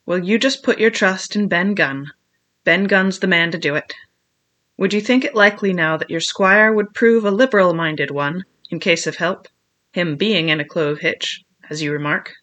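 A reader voicing a wild, shrewd old marooned sailor man who speaks in a slow seafaring dialect in an audiobook. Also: mid-range voice, pushed and bright, natural voice. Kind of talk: audiobook character voice.

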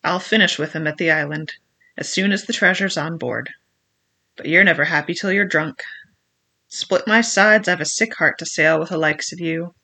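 A reader doing Long John Silver, gruff scheming pirate. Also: mid-range voice, normal speed, bright, forceful tone. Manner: gruff, persuasive, menacing. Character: ruthless scheming old male pirate cook. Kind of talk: audiobook reading.

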